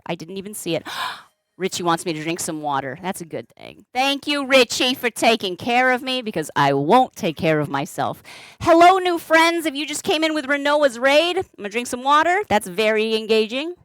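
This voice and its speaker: A woman's voice: on the high side, very animated, moderate pace, a bit bright, no echo, clean studio sound. A woman live-streaming as she twists balloons, chatting casually and greeting and thanking viewers by name, rambling with fillers and restarts. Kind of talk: casual live-stream chat while crafting.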